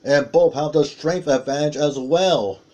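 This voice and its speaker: Man, wrestling play-by-play commentator, excited exclamations, slightly high voice, unhurried. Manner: excited exclamations, calls out moves.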